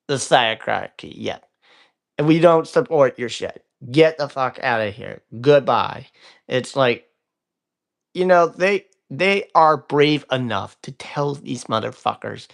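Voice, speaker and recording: A man's voice: medium pitch, expressive, a little slow, vocal fry, a bit bright. Male stream host, casual political rant, crude and rambling. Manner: rambling, crude, many fillers. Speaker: livestream host.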